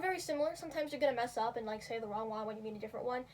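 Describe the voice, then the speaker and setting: High-voiced young woman rambling casually. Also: rapid-fire, few pauses, distant mic, a little hiss or hum. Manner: rambling, filler-heavy, self-deprecating. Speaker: video creator teaching cat vocals. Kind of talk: casual tutorial talk.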